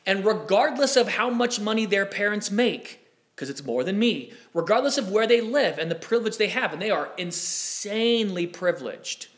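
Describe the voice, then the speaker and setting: A young man hosts a live talk show. He speaks with heated, animated energy and keeps breaking off into asides. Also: high voice, normal speed. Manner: impassioned, animated, with frequent asides.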